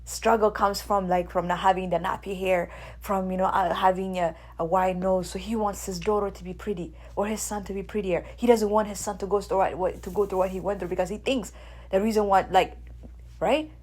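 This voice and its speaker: A woman from Ethiopia, hosting a radio show in a blunt, animated monologue. She swears freely and keeps asking her listeners "right?". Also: medium pitch, fairly quick. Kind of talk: casual opinion monologue.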